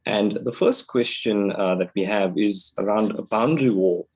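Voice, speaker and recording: A man hosting an online webinar in a relaxed, joking way, with plenty of ums and easy laughter. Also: fairly low pitch, moderate pace, breathy edge. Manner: jokey, laughs easily, filler-heavy. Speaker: webinar host. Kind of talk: casual hosting chat. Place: online video call.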